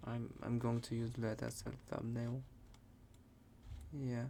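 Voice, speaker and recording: A young man with a Russian accent walks through his code step by step at a slow, easy pace. He slips in dry jokes between lines while keys clatter softly under a faint background hiss. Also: medium pitch, flat delivery. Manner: dry, joking asides while typing. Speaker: programming tutor. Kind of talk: live coding tutorial. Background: keyboard typing.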